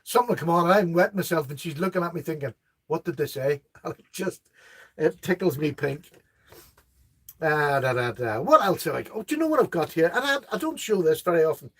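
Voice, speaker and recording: A chatty middle-aged man with a high voice for a man, hosting a relaxed live stream. He reads viewer comments aloud, laughs easily at their jokes and chats on in a friendly, rambling way. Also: a little fast. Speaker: host of a live knife chat. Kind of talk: casual live-stream chat.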